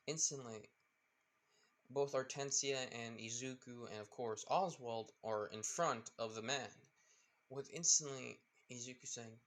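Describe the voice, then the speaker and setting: Man, improvised storytelling, rambling, hesitant, mid pitch. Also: measured pace, fairly bright tone. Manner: rambling, hesitant, full of restarts. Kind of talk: improvised fan-fiction narration.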